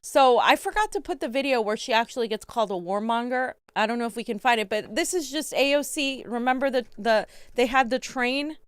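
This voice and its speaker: A woman's voice: a little high, animated, a little fast, few pauses, clear, resonant tone, no room sound, clean studio sound. A woman co-hosting casual political commentary, blunt and laughing often, swearing freely. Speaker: co-host.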